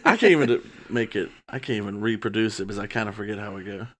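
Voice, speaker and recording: A man's voice: lowish voice, very fast. A man from Ohio co-hosting a podcast, chatting casually and laughing easily as he tells short anecdotes. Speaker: podcast co-host. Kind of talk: casual chat.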